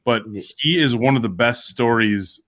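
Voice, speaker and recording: A man's voice: medium pitch, measured pace, fairly bright tone. A man on a casual live stream recapping a convention weekend with enthusiasm.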